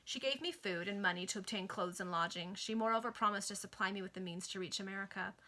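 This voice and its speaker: A desperate returned convict who pleads and speaks bitterly, as read aloud by a woman. The voice is bright. The delivery is plain storybook reading, not a heavy character voice. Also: medium pitch, fast talker, natural voice.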